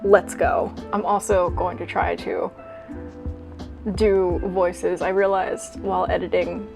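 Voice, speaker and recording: A woman's voice: on the low side, level tone, slow, creaky, music in the background. A woman hosting a video, mixing wry, sarcastic commentary with reading a story aloud. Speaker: fanfic reading host.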